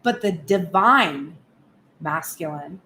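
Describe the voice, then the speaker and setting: A woman giving a frank, animated tarot reading in a casual spoken style, swearing now and then. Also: lowish voice, slow, echoey room, a little hiss or hum. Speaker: tarot reader.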